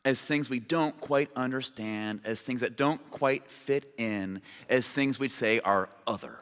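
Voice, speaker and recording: At a measured pace, a pastor with a clean, slightly bright, medium-pitched voice preaches casually in the church sanctuary, dropping in asides. The large hall adds long reverb.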